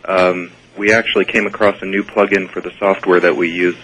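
A man's voice: sits low, flat delivery, brisk, a bit bright, poor audio. A man guesting on a radio interview as a ghost investigator, explaining in a matter-of-fact way.

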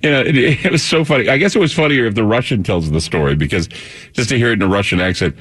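A man's voice: medium pitch, expressive, fast, fairly bright tone, breathy edge. A tired male talk radio host in a rambling monologue, often repeating words and restarting.

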